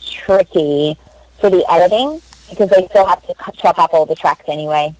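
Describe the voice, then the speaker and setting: A young Australian woman, a voice actress, chatting in an interview and telling stories in an animated, laughing way. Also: on the low side, moderate pace, highs cut off, a crowd in the background. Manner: chatty, animated storyteller who laughs often. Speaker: voice actress guest. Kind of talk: casual interview chat.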